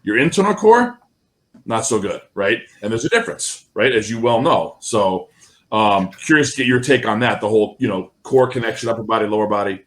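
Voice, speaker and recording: A man's voice: on the low side, expressive, brisk. A man co-hosting a podcast, chatting casually and checking in with "right?" and "you know.". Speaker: podcast co-host.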